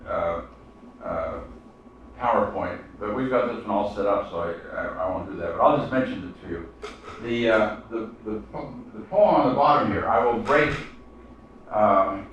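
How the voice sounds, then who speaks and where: A man teaching a seminar class in a halting lecture style, full of fillers and restarts. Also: lowish voice, fairly bright tone, lo-fi sound, a little hiss or hum. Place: seminar room. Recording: echoey room, mic far off.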